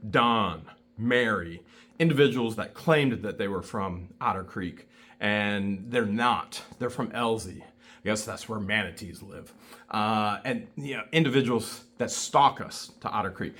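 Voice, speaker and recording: A man's voice: mid-range voice, a bit bright. A man vlogging an indignant, scornful rant to camera, repeating himself for emphasis. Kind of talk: ranting commentary to camera.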